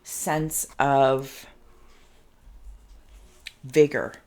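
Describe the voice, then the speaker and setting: A woman's voice: extremely low pitch, level tone, extremely slow, darkish tone. A woman giving an intuitive card reading, meandering and searching for words, her throat phlegmy. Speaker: tarot card reader.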